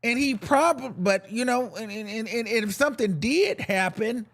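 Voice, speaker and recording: Speaking at a normal speed in an extremely high pitch, a young podcast host dishes out celebrity gossip to himself. He's animated and sassy, and his commentary is loaded with campy slang.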